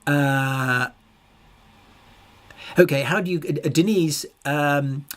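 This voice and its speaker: A man presents a live webinar Q&A, answering audience questions hesitantly and restarting often. His voice is on the high side and a bit bright, and he speaks extremely slowly.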